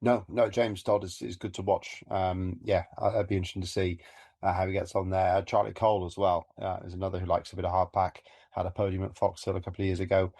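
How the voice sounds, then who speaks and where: A man's voice: deep voice, level tone, fast talker, darkish tone, no echo. A man from Gloucester with a West Country accent, co-hosting a motocross podcast in a rambling, chatty way with plenty of ums. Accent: West Country English. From Gloucester, England. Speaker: podcast co-host and commentator. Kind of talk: casual podcast chat.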